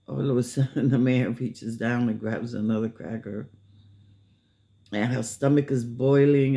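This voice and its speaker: Slow, gravelly male storyteller. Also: mid-range voice, a little mellow. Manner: unhurried, many filler pauses. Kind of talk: casual storytelling.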